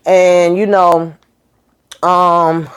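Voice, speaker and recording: A woman's voice: on the low side, flat delivery, very slow, smooth. A woman casually recapping a TV episode, chatty and sassy, calling her viewers girl and honey. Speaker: show reviewer recapping an episode.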